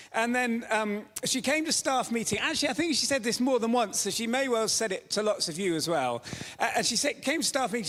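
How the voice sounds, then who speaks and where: A man with a high-pitched voice delivers a chatty, joking sermon to his congregation. His voice rings out through a church with a long, trailing reverb, and he tells stories with animated energy. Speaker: pastor. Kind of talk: informal sermon with humor. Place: church sanctuary.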